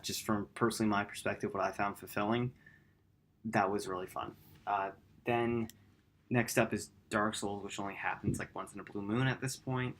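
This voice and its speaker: Rambling low-voiced man vlogging late at night. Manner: rambling, self-correcting; quiet, low-key. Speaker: gaming channel host. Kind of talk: casual late-night vlog.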